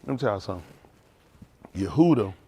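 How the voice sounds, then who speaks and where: A male pastor giving an informal, animated testimony sermon at a service, talking straight to the congregation and laughing often. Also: fairly low pitch, fast talker, husky. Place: synagogue service.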